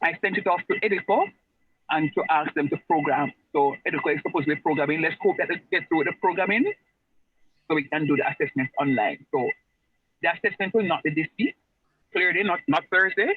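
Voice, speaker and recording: A man's voice: on the high side, fairly quick, husky, no room sound. A man, teaching an online class in a chatty way and repeating phrases for emphasis. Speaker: lecturer. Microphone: video call. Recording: muffled video-call audio.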